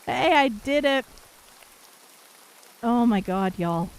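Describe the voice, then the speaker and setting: A woman from Canada streaming live and chatting warmly with her viewers, affectionate and giggly, a little worn from losing her voice. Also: on the high side, lively intonation, takes it slowly, clear, resonant tone, low-quality recording. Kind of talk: casual live-stream chat reading viewer messages.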